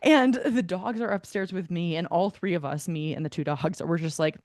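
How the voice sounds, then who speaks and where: A woman co-hosting a casual podcast, rambling through an anecdote with lots of "like"s. Her voice sits a bit low for a woman. The sound is dry and close, with no room around it. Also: normal speed, a little mellow, no echo. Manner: chatty storyteller, filler-heavy "like". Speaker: podcast co-host.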